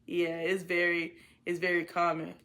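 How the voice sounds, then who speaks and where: Quiet evasive dude as a woman quotes him, bright tone, kept low. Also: monotone, normal speed. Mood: muted. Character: man quoted in a story, low-key and evasive.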